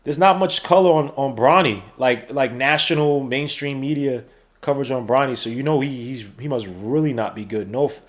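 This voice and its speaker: A man's voice: medium pitch, moderate pace. A man, hosting a live sports watch-along podcast in casual, slangy banter, reading chat and calling plays. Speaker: podcast host. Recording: roomy echo.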